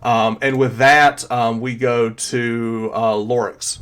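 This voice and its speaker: A man narrating as game master of a tabletop game, pausing often with fillers as he describes the action. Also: medium pitch, level tone, a bit bright, clear, resonant tone. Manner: hesitant, filler-heavy narration.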